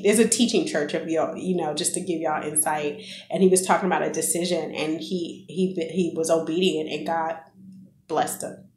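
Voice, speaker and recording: A middle-aged woman talks earnestly to her viewers in a casual, preachy vlog, her voice on the lower side. The room around her sounds echoey. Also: slight background noise. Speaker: vlogger. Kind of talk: casual faith testimony.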